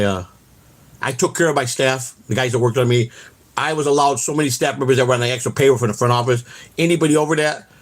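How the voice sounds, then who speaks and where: A middle-aged man, hosting his show, telling boastful stories in a brash, profane, rambling way. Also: medium pitch. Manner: brash, boastful, swears constantly. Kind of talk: profane storytelling on a livestream.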